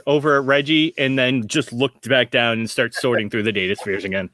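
A man's voice: mid-range voice, fairly even intonation, brisk, sharp tone, no room sound. A man playing a tabletop game, methodical and asking questions. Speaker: player.

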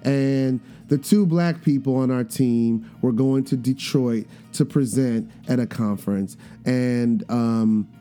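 Man, podcast host, casual storytelling, mellow voice, soft guitar underneath. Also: medium pitch. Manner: animated storytelling, acting out quoted voices. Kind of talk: casual monologue.

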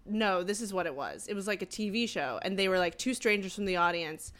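A woman's voice: medium pitch, a little fast, fairly bright tone. Rambling chatty woman telling stories. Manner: rambling storyteller, lots of fillers. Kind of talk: casual chat.

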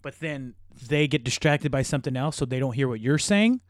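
A man's voice: mid-range voice, lively intonation, a little fast, no echo, studio quality. A young man co-hosting a podcast in casual chat, telling stories animatedly, swearing and laughing a lot. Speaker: podcast co-host.

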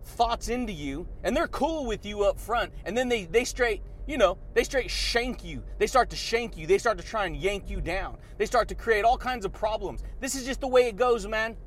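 A man's voice: sits high, expressive, moderate pace, hardly any pauses, slight background noise. A man hosting a motivational podcast, hyped and slangy, repeating catchphrases and laughing often. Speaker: podcast host.

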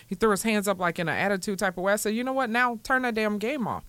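Animated woman telling stories, dry mic. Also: medium pitch, quick pace, few pauses, no room sound. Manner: animated storyteller, acts out quotes in a raised voice. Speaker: podcast co-host. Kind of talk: casual chat.

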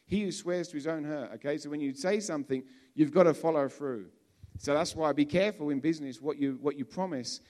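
A man from England preaching a sermon in a relaxed, conversational way, often restarting and repeating words as he talks. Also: fairly high pitch, fairly quick.

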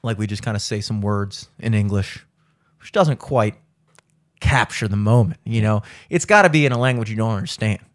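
A man telling a long story in casual chat, swearing often and acting out what others said. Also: moderate pace. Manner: animated, profane, acts out quotes in a high voice.

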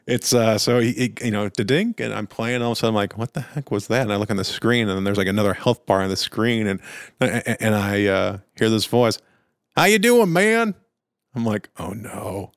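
A man's voice: lowish voice, fairly even intonation, a little fast, dry recording. Man, young adult, podcast co-host, casual storytelling, rambling, dry close sound. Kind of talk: casual chat.

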